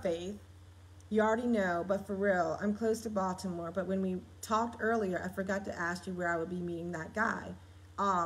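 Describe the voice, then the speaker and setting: A woman's voice: fairly low pitch, close to an everyday voice. A woman reading out a laid-back young man on the road. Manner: read from her own draft in her everyday voice. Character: casual young man driving to meet friends.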